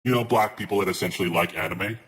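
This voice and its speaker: A man streaming live reaction commentary, arguing his points deliberately and restarting mid-word. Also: low voice, a bit bright, slight background noise.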